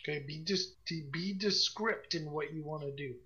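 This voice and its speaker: A man narrating a tabletop game as game master, slow and hesitant with many fillers. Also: on the high side, sharp tone, dull audio.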